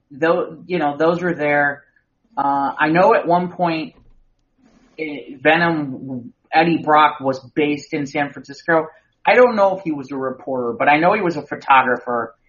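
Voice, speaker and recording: A man's voice: on the high side, a bit bright. A man co-hosting a podcast, chatting casually in a rambling way full of restarts. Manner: rambling, with many restarts and repeated words. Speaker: podcast co-host. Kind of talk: casual chat, movie review. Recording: muffled lo-fi audio.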